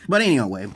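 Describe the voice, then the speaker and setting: A man with a fairly high-set voice talks to his viewers in a loose comedic monologue. He swears constantly, wanders off topic and keeps jumping up into an excited, higher tone, then chuckles. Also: breathy edge. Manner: profane, digressive, often breaks into laughter; sudden jumps up into a high excited voice. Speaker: vlogger.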